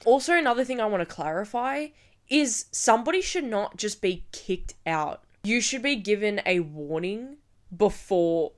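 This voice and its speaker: A young woman in her twenties from Australia telling a storytime vlog, ranting and swearing with animated energy. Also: medium pitch, normal speed. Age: 20s. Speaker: vlogger.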